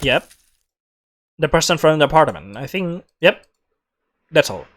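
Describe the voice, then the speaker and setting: A man reading a game's story text aloud and breaking off for quick reactions and asides. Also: on the high side, sing-song. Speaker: gamer reading a visual novel aloud.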